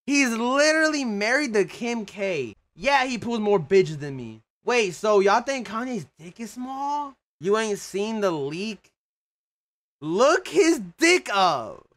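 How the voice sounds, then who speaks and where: A young man of Mexican heritage chatting profanely with his livestream viewers, excitable and prone to sudden shouts and laughter. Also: very high-pitched. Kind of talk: casual livestream chat with viewers.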